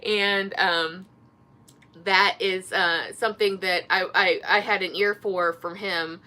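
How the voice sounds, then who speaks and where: A woman's voice: mid-range voice, steady tone, takes it slowly, bright, forceful tone. A woman with an Indiana accent, an author chatting casually to camera in a rambling way, full of fillers and restarts. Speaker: author and vlogger. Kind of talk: casual chat.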